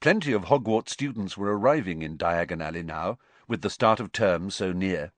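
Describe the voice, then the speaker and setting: Expressive male storybook narrator. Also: deep voice, moderate pace, dry recording. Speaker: audiobook narrator. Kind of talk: scripted narration.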